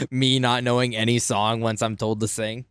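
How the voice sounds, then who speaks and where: A man's voice: medium pitch, little pitch movement, unhurried, fairly bright tone, clean tone, dry recording, studio quality. A man streaming a video game, chatting casually with viewers. He giggles often and pokes fun at himself. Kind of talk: casual gameplay commentary.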